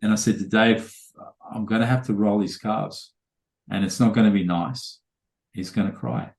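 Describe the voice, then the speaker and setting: A man's voice: lowish voice, fairly even intonation, moderate pace, vocal fry, a little mellow, echoey room. A man, a trainer telling rambling anecdotes full of quoted dialogue in a casual podcast interview.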